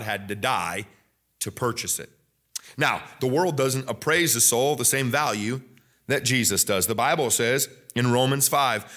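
A young adult man with an American Midwest accent preaching a sermon in a church, rising higher and louder at the climaxes. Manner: emphatic preaching, rising loud and high at climaxes. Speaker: pastor.

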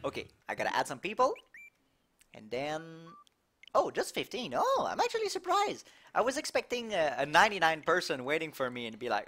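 Young male streamer, Québécois accent, lively pitch, excitable game-commentary energy. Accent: Québécois French. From Quebec, Canada. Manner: excitable, laughs often, quick reactions. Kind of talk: live gameplay commentary, reading chat aloud.

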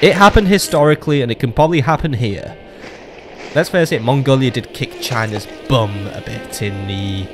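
A man's voice: medium pitch, moderate pace. Jokey man narrating his strategy game. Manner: chatty and jokey, talks to game leaders, swears. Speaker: gaming channel host. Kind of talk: casual let's play commentary. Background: game music.

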